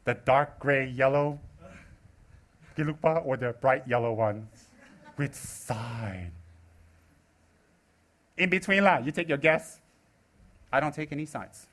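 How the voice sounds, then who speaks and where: A man in his forties from the United States, giving a live Buddhist teaching with teasing, sarcastic, animated delivery. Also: mid-range voice, slow pace, pauses often. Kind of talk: live dharma talk.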